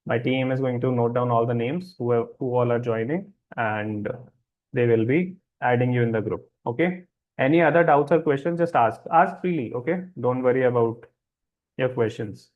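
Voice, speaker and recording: Over phone-quality audio, a man with a medium pitch and normal speed leads a live wellness webinar. He answers questions from the chat in a reassuring way, checking again and again that his listeners are keeping up.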